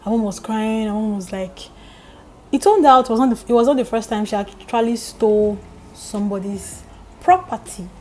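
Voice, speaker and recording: A young Nigerian woman vlogger telling a story in lively, emphatic casual chat. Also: a little high, normal speed, slight background noise, low-quality recording.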